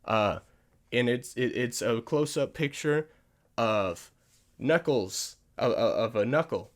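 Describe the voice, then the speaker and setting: A man's voice: medium pitch, animated, slow pace. A man hosting a podcast, chatting casually about movie news in a rambling way, restarting sentences and chuckling at himself. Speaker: podcast host.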